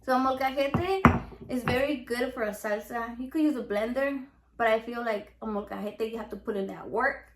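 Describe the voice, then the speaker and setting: A Mexican American woman with a Chicano English accent hosts a casual home cooking vlog. She talks in a brash, playful, profane way, and her voice sits a bit high. The sound bounces around a roomy home kitchen. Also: normal speed, heavy background noise. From United States, Mexican American. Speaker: home cook and salsa seller. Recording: echoey room.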